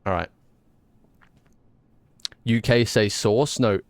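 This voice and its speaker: Slow and lowish, this Australian-accented gaming streamer chats casually while playing live, rambling and joking with mock indignation. The recording is dry.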